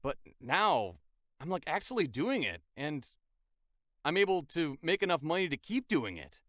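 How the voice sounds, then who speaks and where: A man's voice: on the high side, big pitch swings, normal speed, fairly bright tone, no room sound, clean studio sound. A man in his twenties, a voice actor, chatting enthusiastically in a casual vlog. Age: 20s.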